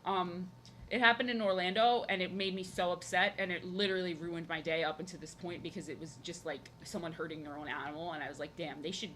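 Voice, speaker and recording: A woman's voice: steady tone, quick pace, fairly bright tone, a little hiss or hum. A young woman chatting casually while drawing on a live stream, rambling and talking to her cat. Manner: rambling, chatty, talks to her cat in a high sing-song. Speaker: art streamer.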